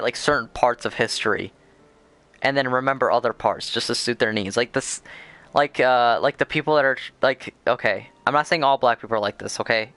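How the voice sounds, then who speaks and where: A man's voice: mid-range voice, pushed and bright. A man streaming a game, talking casually in a rambling, crude, opinionated way with lots of fillers. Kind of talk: casual chat over gameplay.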